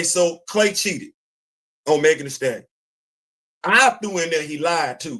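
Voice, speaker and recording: A man's voice: on the high side, a bit bright. A man hosting a casual commentary show, talking bluntly and emphatically, repeating his points. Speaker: podcast host.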